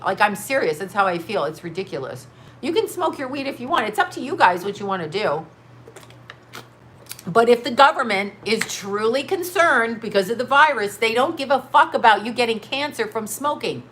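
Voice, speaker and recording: Animated and a little high-voiced, a middle-aged woman rants bluntly at a moderate pace on a casual livestream, swearing plenty as she reads out chat comments. Her somewhat bright voice comes through a webcam or phone mic.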